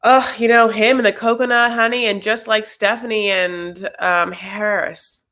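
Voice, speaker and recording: A woman's voice: medium pitch, fairly even intonation, a little slow, sharp tone. A woman co-hosting a casual reality TV recap show, chatty and gossipy, calling people honey. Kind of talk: casual chat.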